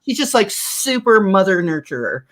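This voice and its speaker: A woman's voice: mid-range voice, big pitch swings, moderate pace, fairly bright tone. A woman in casual podcast chat, explaining at length with frequent um and uh fillers.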